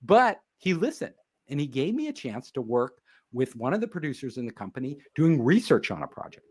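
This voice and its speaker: A man's voice: medium pitch, a little fast, breathy edge. A man, a guest on an interview show, telling a story in casual conversation and acting out the people in it. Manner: animated, acts out quoted dialogue.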